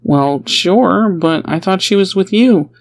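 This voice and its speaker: A man voicing a tired, earnest young father in an audiobook, with a defensive but gentle manner. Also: sits high, lively intonation, slow, pitched above the performer's own voice, exaggerated voice. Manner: defensive, then gentle and coaxing. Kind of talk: audiobook character voice.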